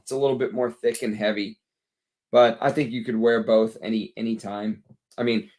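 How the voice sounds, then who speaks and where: A tired man with a Texas accent hosts a late-evening livestream in a loose, chatty way. His voice sits at an ordinary middle pitch, and he talks bluntly as he answers viewers' comments. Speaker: fragrance livestream host. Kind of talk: casual livestream chat.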